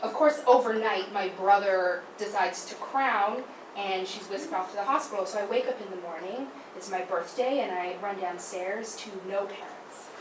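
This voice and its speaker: A woman's voice: mid-range voice, normal speed, hardly any pauses. A young woman telling a funny childhood story about her brother's birth, acting out the big moments. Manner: animated, acts out big moments. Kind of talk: personal storytelling. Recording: roomy, distant mic, background noise.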